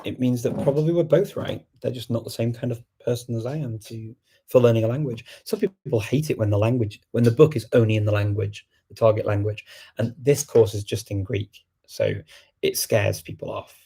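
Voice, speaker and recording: Husky guy answering viewer questions, thinks out loud, chatty. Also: medium pitch, a little fast. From England. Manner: rambling, thinking aloud with many fillers. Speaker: host. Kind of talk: livestream Q&A chat.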